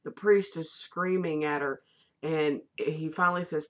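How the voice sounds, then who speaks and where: A woman's voice: deep voice, steady tone, unhurried. A woman vlogger in casual, rambling chat reviewing a favorite movie, with the odd casual swear.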